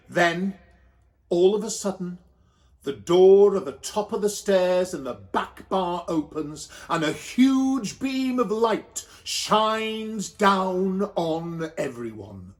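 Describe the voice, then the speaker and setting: Camp Welsh storyteller, high voice. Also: male voice, lively intonation, slow pace. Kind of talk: comic storytelling.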